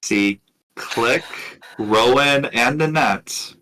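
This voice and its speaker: A man narrating as dungeon master of a tabletop game, relaxed and chatty. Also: medium pitch, drawn-out words.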